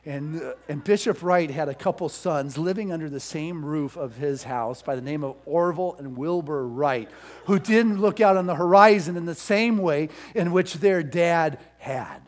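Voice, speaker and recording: Storytelling preacher man, fairly high voice. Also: moderate pace. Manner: storytelling, swings between soft asides and loud emphatic peaks. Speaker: pastor. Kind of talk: sermon.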